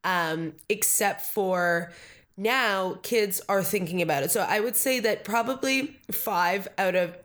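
A woman's voice: mid-range voice, slow pace, fairly bright tone. Chatty woman candidate, lots of fillers. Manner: chatty, many fillers, acts out quoted talk. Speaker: Green Party candidate. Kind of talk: conversational interview.

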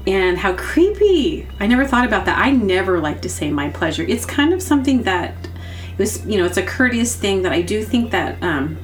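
A woman's voice: medium pitch, sing-song, moderate pace, soft background music. A woman hosting a podcast, rambling through a comedic monologue, giggling as she acts out silly quotes in other voices. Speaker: podcast host.

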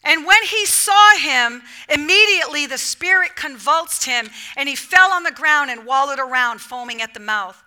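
A woman preaching a sermon to a women's gathering, animated, swinging between loud emphatic bursts and soft near-whispered lines. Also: high voice, normal speed, hardly any pauses.

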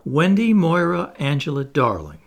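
A man's voice: a little high, huge pitch swings, moderate pace, gravelly, voice pushed up, full character voice. A man reading aloud, voicing a courteous, slightly patronizing little girl in a lifted voice. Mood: polite. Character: polite, motherly little girl, a bit superior.

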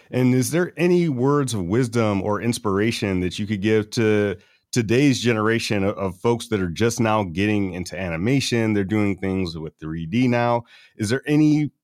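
A man's voice: fairly low pitch, a little mellow, dry recording, studio quality. A man hosting a podcast, asking interview questions with restarts and brief affirmations. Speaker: podcast host.

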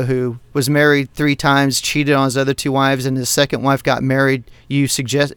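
A man from Texas co-hosting a casual podcast, telling a story in an animated way, with lots of swearing and laughter. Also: medium pitch, clear, resonant tone, no room sound. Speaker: podcast co-host. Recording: dry close mic, online call.

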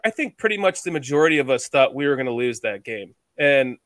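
A man's voice: mid-range voice, animated, fast talker, fairly bright tone, no room sound. A man from the United States hosting a casual sports podcast, chatty and rambling, with a self-deprecating streak. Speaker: podcast host.

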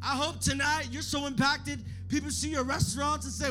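A man with a very high voice delivers a fervent sermon in casual slang. He repeats his phrases and swings from a hushed plea to a shout. Music plays clearly beneath his words. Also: steady tone, moderate pace, few pauses. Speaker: youth pastor. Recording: music playing under the voice.

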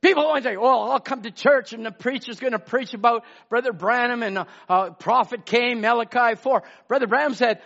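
A man preaching a sermon, swinging from loud exclamations to hushed asides. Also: sits high, moderate pace, creaky. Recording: muffled lo-fi sermon recording.

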